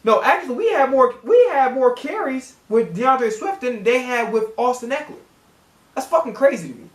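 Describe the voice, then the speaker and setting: A man's voice: very high voice, animated, moderate pace, fairly bright tone, echoey room. A man hosting a sports reaction channel, ranting as a fan with heavy cursing and words repeated when he gets worked up. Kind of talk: profane fan rant.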